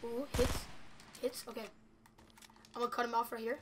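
A woman's voice: on the high side, little pitch movement, normal speed, noisy background. A young woman giving live gameplay commentary, chatty and anxious, talking straight to her viewers. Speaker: gameplay video creator.

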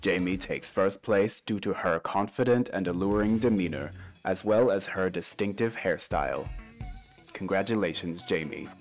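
A man putting on a slow, monotone robot AI voice to announce a countdown with deadpan delivery. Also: low voice, soft background music, close to an everyday voice. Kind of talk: mock robot voice reading a countdown.

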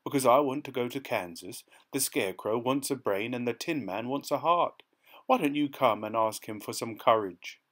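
A man's voice: medium pitch, normal speed, a bit bright, lightly acted. A man voicing a young girl in a storybook, earnest and pleading. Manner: pleading and anxious.

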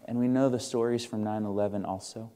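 A man's voice: lowish voice, fairly even intonation, fast, warm tone. A male pastor preaching a sermon in a church, earnest and conversational, asking the congregation questions. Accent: Midwestern American. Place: church sanctuary.

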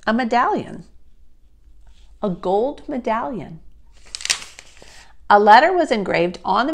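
Slow, animated woman reading aloud. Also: medium pitch. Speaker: children's book reader. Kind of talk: storybook read-aloud.

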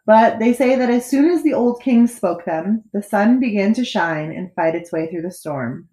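A woman reading a children's picture book aloud as a storyteller, expressive with dramatic pauses. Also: mid-range voice. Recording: echoey room.

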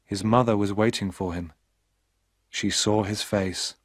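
Slow, clear male storyteller. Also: on the low side, steady tone, no echo, clean studio sound. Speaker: narrator. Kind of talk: scripted narration of a graded reader.

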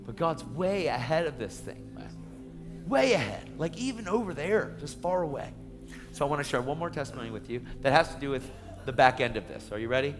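A man preaching a sermon testimony as an evangelist, telling stories in an animated, emphatic way. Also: a little high, fairly quick. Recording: echoey hall with faint music.

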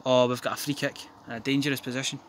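A young man giving excitable, sweary, jokey commentary on his football game from his back garden, breaking into yells. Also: mid-range voice, fast talker, slight background noise. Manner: sweary, jokey, bursts into yelling. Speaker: gaming commentator.

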